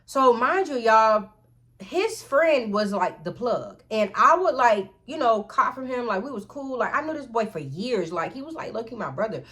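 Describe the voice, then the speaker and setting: Animated, profane woman telling a story. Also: a little high, normal speed. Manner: animated, profane, keeps addressing viewers. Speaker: vlogger. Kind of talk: storytime vlog.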